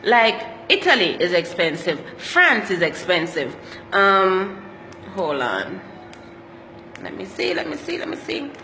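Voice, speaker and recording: A woman's voice: medium pitch, huge pitch swings, slow, sharp tone, in a large hall, a little hiss or hum. A Jamaican woman telling travel stories in a casual vlog, slipping into patois as she talks. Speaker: travel vlogger.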